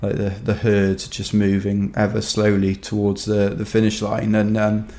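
Wry Welsh man with a low voice. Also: monotone, normal speed, warm tone. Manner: rambling, wry storyteller full of "kind of" and "you know". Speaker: ultrarunner guest. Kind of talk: casual anecdote telling. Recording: roomy echo.

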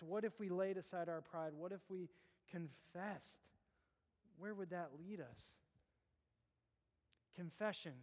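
High-voiced man preaching in a reverberant hall. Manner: impassioned, swings between loud urging and low hushed appeals. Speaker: pastor. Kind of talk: sermon. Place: church sanctuary.

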